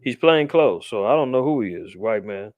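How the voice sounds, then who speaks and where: A man's voice: on the low side, lively intonation, normal speed, no room sound. A man hosting a show, talking loosely about the news with slang and restarts. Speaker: podcast host. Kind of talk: casual commentary on news.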